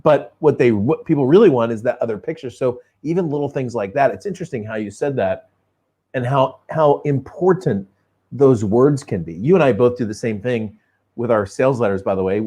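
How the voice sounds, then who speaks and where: A man's voice: medium pitch, expressive, brisk, dark tone, slightly rough. A man hosting an interview, talking directly to viewers with emphatic points. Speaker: host. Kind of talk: interview conversation.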